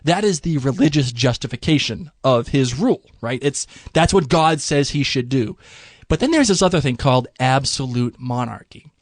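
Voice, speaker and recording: A man's voice: mid-range voice, normal speed, no room sound, studio quality. A man co-hosting a podcast, explaining history in a casual, chatty way. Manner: chatty, lively, slips into mock voices for laughs. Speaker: podcast co-host.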